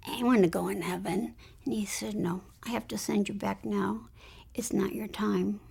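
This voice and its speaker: Husky woman telling her story in hushes. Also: mid-range voice, steady tone, moderate pace. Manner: earnest, often drops to a hushed whisper. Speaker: guest telling her near-death story. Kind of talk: personal testimony in an interview.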